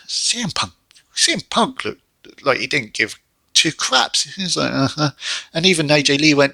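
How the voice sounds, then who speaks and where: Chatty man with gravelly bright voice. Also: medium pitch, normal speed, dry recording. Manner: chatty, animated, exasperated asides. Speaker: wrestling reviewer. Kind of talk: casual solo review.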